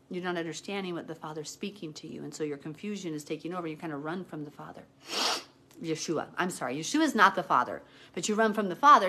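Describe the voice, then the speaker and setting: A woman's voice: on the low side, bright, forceful tone. A woman reading scripture aloud and commenting on it in an earnest, heartfelt, conversational way. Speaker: Bible teacher.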